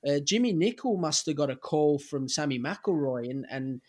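An Australian man in his forties, a guest on a chat podcast, relaxed and anecdotal. His voice sits a little higher than most men's. He talks candidly, with plenty of fillers and the odd swear word. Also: normal speed. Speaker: podcast guest, former footballer.

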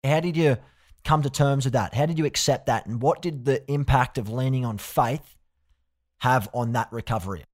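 A man hosting an interview, his voice at a plain middle pitch for a man. He asks gentle follow-up questions and sums up his guest's points in a reflective way. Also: normal speed.

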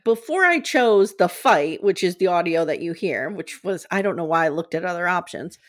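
A woman's voice: on the low side, animated, moderate pace. A woman hosting a casual recap podcast, talking sarcastically and swearing freely. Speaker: podcast host.

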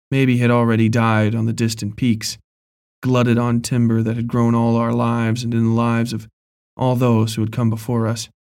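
A male narrator reads a scripted horror story aloud. His medium-pitched voice stays measured and even, in a steady storytelling style.

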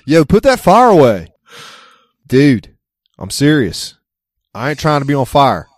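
A man's voice: medium pitch, huge pitch swings, a little slow, no echo, studio quality. A man putting on the voice of a jittery, protesting guy who is nervous about fire, over a remote call recording.

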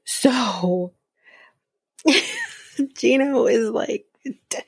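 A woman's voice: medium pitch, fairly even intonation, slow pace, a little mellow, husky, no echo. A woman hosting a podcast, recapping a show in snarky casual chat, swearing and acting out quotes. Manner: snarky, swears, laughs often, acts out quotes. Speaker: podcast host.

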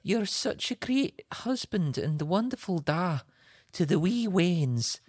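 A man's voice: a little high, no room sound. A man voicing a teasing, mock-devoted Scottish wife in a put-on Scottish accent on a podcast.

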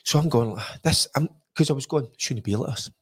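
A man's voice: medium pitch, brisk, slightly rough. A middle-aged Scottish man, a former footballer, telling stories in casual chat with many restarts and acted-out quotes. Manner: rambling storyteller, frequent restarts, acts out quoted voices.

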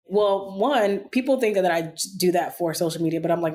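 A woman raised in Texas, a travel vlogger chatting as an interview guest and telling lively stories with frequent laughter. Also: on the low side, brisk. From born in Nigeria, raised in Texas. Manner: animated storyteller, laughs often. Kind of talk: casual interview chat.

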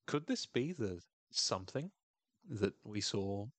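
A man's voice: fairly low pitch, sing-song, takes it slowly, no room sound. A man hosting a podcast, recapping a TV episode in a casual, irreverent way, swearing and laughing often. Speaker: podcast host.

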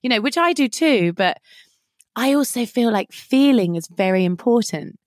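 A woman's voice: on the high side, expressive, moderate pace, darkish tone, dry recording. Chatty woman, dry close sound. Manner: chatty, enthusiastic, gushing. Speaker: podcast guest. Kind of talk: casual chat.

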